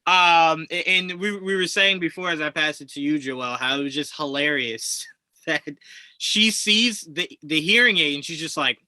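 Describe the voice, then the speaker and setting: A man co-hosting a casual podcast, animated and laughing as he acts out quotes from the show. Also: a little high, moderate pace, no echo. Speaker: podcast co-host. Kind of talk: casual chat.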